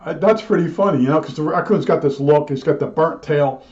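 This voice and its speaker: A man's voice: on the high side, brisk, darkish tone, lo-fi sound. Rambling older man telling a story. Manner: chatty, digressive, many restarts and asides. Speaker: storyteller recalling old work days. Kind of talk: rambling personal anecdote.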